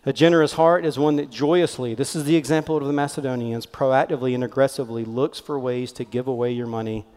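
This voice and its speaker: A man, a pastor telling a story in a sermon, animated and conversational, acting out the voices he quotes. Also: mid-range voice, fast, few pauses. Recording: long hall reverb.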